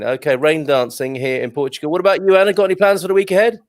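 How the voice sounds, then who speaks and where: A man's voice: on the high side, level tone, very fast, no room sound. A man hosting a casual online gardening show over a video call, chatty and laughing often as he reads out viewer messages. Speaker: host. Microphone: video call mic.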